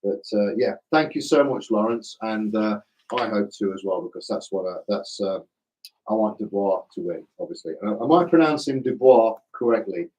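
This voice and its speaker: A man's voice: lowish voice, expressive, normal speed, darkish tone, rough recording. Chatty man hosting a live stream. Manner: chatty, self-deprecating, chummy with viewers. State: slightly hoarse. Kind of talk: casual live chat reading viewer comments.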